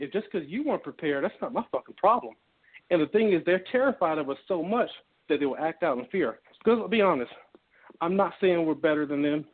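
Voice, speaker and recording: A man's voice: on the high side, breathy edge. A man talking bluntly and heatedly with heavy swearing, co-hosting a casual podcast. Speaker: co-host. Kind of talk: casual profane podcast chat. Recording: tinny phone line.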